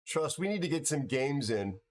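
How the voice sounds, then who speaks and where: A tired older American man hosting a casual livestream chat, rambling and halting with many restarts and fillers. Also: on the high side, big pitch swings, a little mellow. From United States. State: tired from no sleep. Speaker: livestream host.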